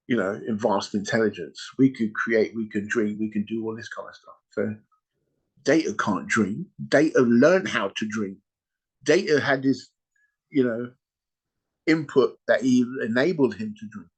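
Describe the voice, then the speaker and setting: A man hosting a podcast, retelling a story in casual chat, animated and peppered with "you know" and "right?". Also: lowish voice, unhurried, husky. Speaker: podcast host.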